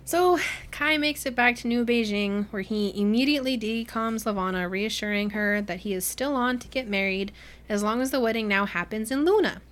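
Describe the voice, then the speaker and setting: A young woman hosting a book club podcast, retelling a novel's plot in a chatty, animated way and acting out the characters' lines. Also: on the high side, moderate pace. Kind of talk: casual chat recapping a book.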